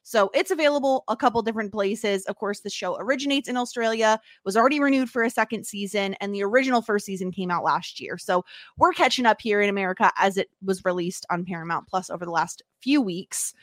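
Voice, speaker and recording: A woman's voice: mid-range voice, fast talker, no room sound, studio quality. A woman hosting a podcast, opening the show and chatting in a casual, upbeat way that breaks easily into laughs. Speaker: podcast host. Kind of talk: casual chat.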